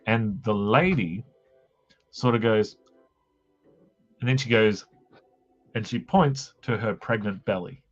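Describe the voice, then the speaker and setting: A man chats casually on a drawing stream, spinning self-mocking stories with quick voiced quotes. His voice sits a bit low. The audio is dull and lo-fi, with faint music underneath. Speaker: host of a drawing live stream. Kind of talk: casual storytelling chat.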